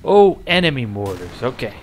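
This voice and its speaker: A man giving live gameplay commentary, muttering and cursing with sudden excited outbursts. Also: mid-range voice, moderate pace, slight background noise. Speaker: gamer.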